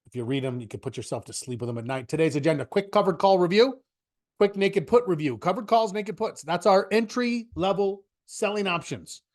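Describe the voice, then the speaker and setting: A man teaches options trading in a relaxed live online class, trading quips and wandering into asides. His voice sits slightly high for a man, and he keeps a chatty, good-humored rhythm throughout. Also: brisk. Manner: joking, chatty, rambling asides.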